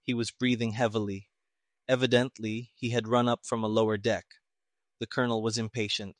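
A man narrating a mystery story in an even, measured reading. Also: lowish voice, no room sound. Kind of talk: audiobook narration of a pulp mystery.

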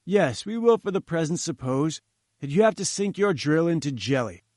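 A man's voice: a little high, very animated, normal speed, a little mellow, no echo, studio quality, pitched above the performer's own voice. A man voicing an imperious, scornful older male scientist who talks in curt commands, in an audiobook reading.

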